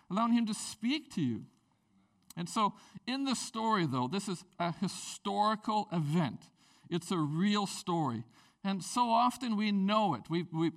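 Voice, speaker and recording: High-voiced man preaching conversationally. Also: gravelly. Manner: conversational storytelling with lively swings in pitch and loudness. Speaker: pastor. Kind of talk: sermon.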